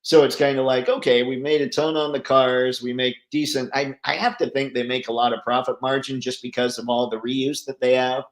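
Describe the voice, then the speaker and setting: With a flat delivery and few pauses, a man talks a little quickly while hosting an easygoing livestream. He reads out what viewers have written and responds chattily, laughing easily; his pitch sits in the ordinary middle range, and the spacious room echoes around him.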